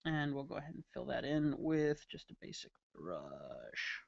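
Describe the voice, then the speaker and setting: A man's voice: mid-range voice, big pitch swings, a little slow, gravelly, husky, no room sound. A man casually chatting with viewers during a live drawing stream, playful and jokey. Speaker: caricature artist streaming live. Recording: dull lo-fi stream audio.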